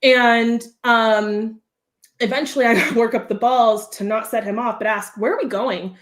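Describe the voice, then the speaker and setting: A woman's voice: a little high, a little slow. A woman from Southern California, a livestream guest telling a story and acting out the voices of the people in it. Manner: animated, acts out quoted voices.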